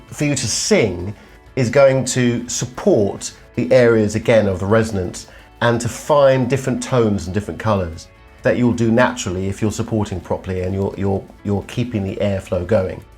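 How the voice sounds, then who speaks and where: A man's voice: on the low side, moderate pace, a little mellow, faint music behind. A middle-aged male voice coach teaching vocal exercises, demonstrating hums and sung tones as he explains. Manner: demonstrative, hums and sings examples.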